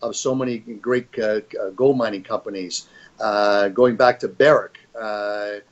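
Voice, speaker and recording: A man's voice: fairly low pitch, steady tone, a little slow, muffled recording. An older man giving an interview as a fund executive, talking in a rambling, emphatic way with many restarts. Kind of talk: conversational interview.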